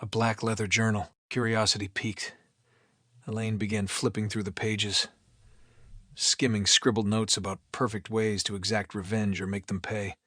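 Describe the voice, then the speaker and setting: A man narrating a fan fiction story with an expressive, lively reading. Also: fairly low pitch, moderate pace, no room sound, clean studio sound.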